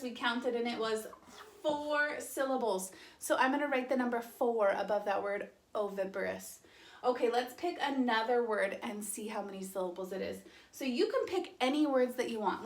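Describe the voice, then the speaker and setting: A young woman teaching an online kindergarten lesson, cheerful and sounding out words slowly and clearly. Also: a little high, reverberant.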